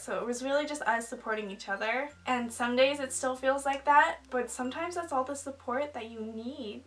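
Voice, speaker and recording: A woman's voice: a little high, fairly bright tone, far from the mic, poor audio. A woman in her twenties talking candidly while doing her makeup, heartfelt and rambling, choked up at times. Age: 20s. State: getting emotional, choked up. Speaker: beauty vlogger. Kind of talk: get-ready-with-me vlog chat. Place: indoors at home, doing makeup.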